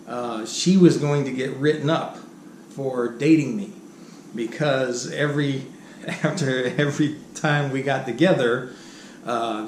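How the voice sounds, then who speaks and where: Middle-aged man, casual storyteller, rambling, lots of ums and restarts, chuckles, roomy echo, faint background hum. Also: mid-range voice. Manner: rambling, many fillers and restarts, chuckles as he goes. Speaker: author telling stories from his life.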